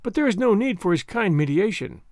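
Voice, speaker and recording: Male reader doing a playful, arch young lady of society, raised pitch. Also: animated, brisk, a little mellow, no room sound, clean studio sound. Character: witty, mischievous aristocratic young lady.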